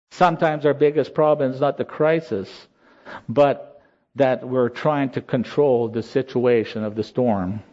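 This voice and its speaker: Slow, earnest male preacher. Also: medium pitch, warm tone. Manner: slow, earnest preaching with rising emotional peaks. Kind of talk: sermon. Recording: slightly dull lo-fi sound.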